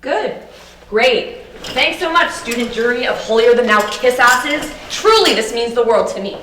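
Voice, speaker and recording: A young woman playing a sarcastic, angry high school girl, narrating and acting in a student film. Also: moderate pace, noisy background, natural voice. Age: young adult. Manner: sardonic, bitter.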